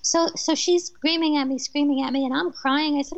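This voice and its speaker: A woman from New Jersey, a medium and author, telling lively personal stories as a guest in a radio interview, laughing often. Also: high-pitched, fairly quick, no echo, highs cut off. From New Jersey, USA.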